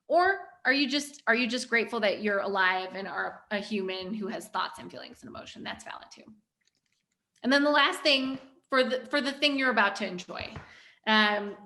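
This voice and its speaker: Bright-voiced woman guiding a ritual. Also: a little high. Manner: gently guiding, playful. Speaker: workshop host. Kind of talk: guided mindful-eating ritual.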